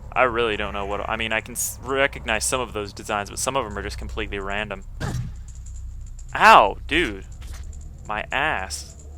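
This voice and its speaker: A man's voice: on the low side, flat delivery, quick pace, hardly any pauses, pushed and bright, a little hiss or hum. A young man giving casual, crude, joking commentary while playing a video game. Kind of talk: let's play commentary.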